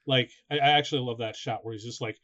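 A man chatting casually about a movie, excitable and quick to laugh. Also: mid-range voice. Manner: laughs often, excitable asides. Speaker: co-host of a movie reaction. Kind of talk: casual chat. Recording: slightly dull lo-fi sound.

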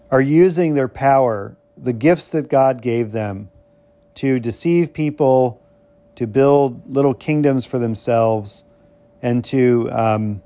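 Man, podcast bible teacher, musing, lots of ums, wry asides, mellow dark tone. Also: medium pitch.

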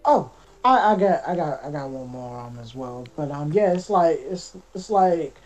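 A man's voice: on the high side, animated, moderate pace, darkish tone. A young man co-hosting a podcast in casual chat, rambling with lots of fillers and restarts. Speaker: podcast co-host.

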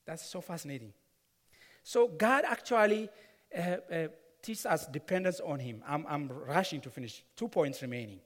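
Pastor in a reverberant hall. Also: male voice, a little high, lively intonation, moderate pace, fairly bright tone. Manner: earnest, repeats words, frequent asides. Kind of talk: sermon with a personal story.

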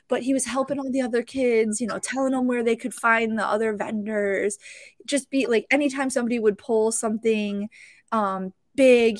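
A woman's voice: on the high side, no room sound. Chatty woman host with a dry, close sound. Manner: animated, emotional, with many fillers and restarts. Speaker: podcast host and card show vendor. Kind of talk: casual storytelling.

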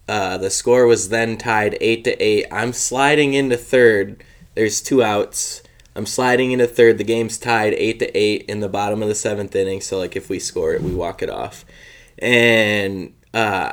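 Low-voiced young man from Wisconsin. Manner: relaxed, rambling with many fillers. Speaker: podcast guest. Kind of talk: casual storytelling.

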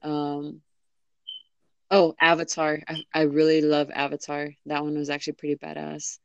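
A woman's voice: low voice, completely flat delivery, normal speed, gravelly, clear, resonant tone, no room sound, lo-fi sound. A young woman in casual chat, rambling with lots of fillers and restarts. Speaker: interviewee.

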